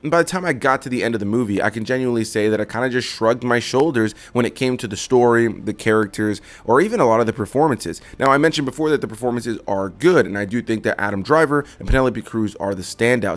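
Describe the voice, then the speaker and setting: Male film reviewer, mid-range voice, brisk delivery, earnest and candid, casual vlog talk. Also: medium pitch. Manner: earnest, candid, repeats phrases for emphasis. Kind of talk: casual spoken movie review.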